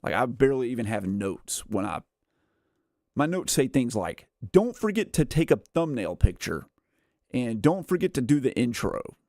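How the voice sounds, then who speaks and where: Very animated at a moderate pace, this gaming streamer in his thirties has a mid-range, slightly mellow voice, recorded dry at studio quality. He chats casually and rambles on his livestream, filling gaps with "like" and "uh" and chuckling frequently.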